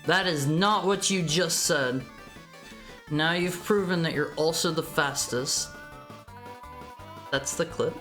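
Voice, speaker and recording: A woman's voice: deep voice, slow pace, long pauses, fairly bright tone. A woman streaming a video game, chatting playfully and teasing her chat. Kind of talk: casual game-stream commentary. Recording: game music playing behind.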